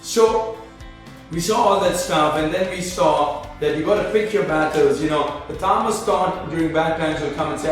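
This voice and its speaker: A man with a high voice gives a spiritual talk, filling his speech with "you know" and repeating key phrases. He sounds far from the mic in a very echoey space, with faint music behind him. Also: moderate pace. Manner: repeats phrases, many "you know" fillers, grows animated. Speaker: spiritual teacher, show host.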